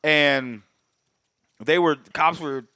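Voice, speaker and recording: A man co-hosting a movie podcast, telling scenes in animated, profane casual chat and acting out lines. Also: fairly high pitch, very slow, creaky, dry recording, studio quality. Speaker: podcast co-host.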